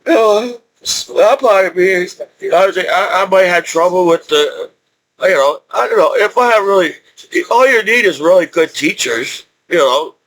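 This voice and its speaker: A middle-aged man telling rambling stories in a casual, excitable way, repeating himself and restarting often. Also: sits high, moderate pace, low-quality recording.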